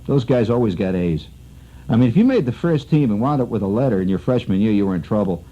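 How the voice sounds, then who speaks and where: Animated middle-aged man spinning a radio yarn. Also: fairly low pitch, quick pace. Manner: rambling, animated storyteller full of asides. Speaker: radio host. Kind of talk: storytelling monologue. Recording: muffled old radio broadcast with faint music.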